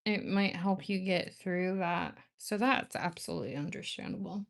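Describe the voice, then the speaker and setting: Lady rambling to her stream chat, low voice w/ lots of fry. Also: normal speed. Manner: chatty, rambling, laughs often. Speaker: nail art livestream host. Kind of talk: casual livestream chat with viewers.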